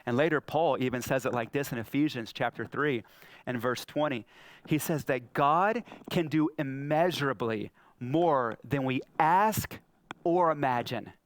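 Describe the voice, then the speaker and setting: A man preaching a sermon as pastor, telling Bible stories in an animated way and acting out the figures. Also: mid-range voice, a little slow. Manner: animated storytelling, acting out scripture.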